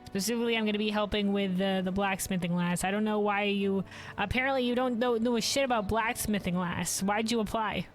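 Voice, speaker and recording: A woman's voice: mid-range voice, brisk, soft background music. A woman game streamer chatting casually over gameplay, laughing often and swearing freely.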